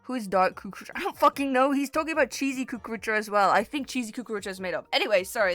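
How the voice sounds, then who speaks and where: A woman's voice: fairly high pitch, rapid-fire, a bit bright, soft background music. A woman streamer chatting casually with her viewers, rambling and giggly as she drifts into tangents. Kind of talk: casual livestream chat with viewers.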